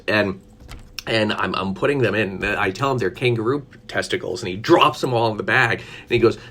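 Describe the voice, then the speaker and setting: A man's voice: fairly low pitch, fairly bright tone, a little hiss or hum. A man telling a story in a casual live stream, chatty, with frequent laughter, fillers and restarts. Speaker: vlogger.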